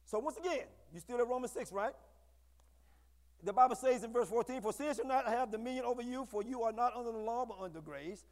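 A man preaching a sermon to his congregation, with call-and-response and bursts of shouting. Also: extremely high pitch, fairly quick. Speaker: pastor. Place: church sanctuary. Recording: echoey hall.

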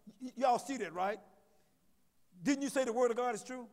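High-voiced preacher in an echoing hall. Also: male voice, fairly quick, creaky. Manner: call-and-response preaching, repeats words, rising to loud emphasis. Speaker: pastor. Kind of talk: sermon. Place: church sanctuary. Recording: long reverb of a church hall.

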